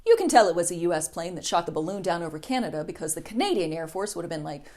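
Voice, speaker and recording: Woman, comedy news host, sarcastic, scripted monologue, bouncy pitch. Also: lively intonation, very fast, few pauses, a little mellow. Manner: sarcastic, with mocking voices for quotes.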